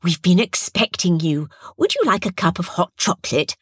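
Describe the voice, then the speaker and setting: A woman voicing a cheerful, motherly hostess who speaks slowly and sweetly in a read-aloud story. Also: lowish voice, very animated, slightly rough, dry recording, studio quality. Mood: welcoming.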